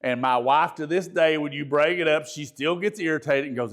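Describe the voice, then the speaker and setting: A pastor giving a conversational training talk, folksy, repeating words and asking the audience questions. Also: male voice, on the high side, a little fast, fairly bright tone.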